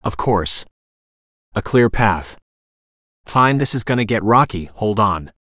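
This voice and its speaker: A man's voice: lowish voice, animated, slow pace, fairly bright tone, no echo, clean studio sound, heavily acted. A man voicing a tough young female pilot who talks in a curt, blunt way and swears under pressure. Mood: tense.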